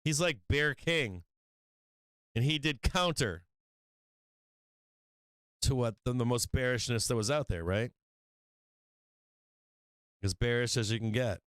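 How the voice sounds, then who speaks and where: A man's voice: mid-range voice, takes it slowly, long pauses, fairly bright tone, clear, resonant tone, no room sound. A man hosting a livestream market show, talking trading in a brash, profane, rambling way and laughing often. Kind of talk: casual livestream trading talk. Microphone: studio microphone.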